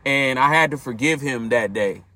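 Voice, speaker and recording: Earnest man with a bright, forceful voice. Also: mid-range voice, normal speed. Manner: earnest, reflective, speaks directly to listeners. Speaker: podcast host. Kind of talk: personal storytelling monologue.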